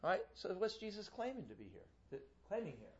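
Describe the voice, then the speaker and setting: A man's voice: high voice, very animated, quick pace, a little mellow, husky. A man teaching a Bible class, reading scripture aloud and acting out the quotes in a casual, joking way. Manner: conversational, acts out quotes with humor. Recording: dull lo-fi classroom recording.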